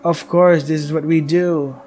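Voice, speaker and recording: A man voicing the hands of God, a cold, judging chorus of disembodied divine hands, speaking in slow, solemn pronouncements. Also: fairly high pitch, fairly even intonation, darkish tone, faint music behind, natural voice. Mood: mock cheerful.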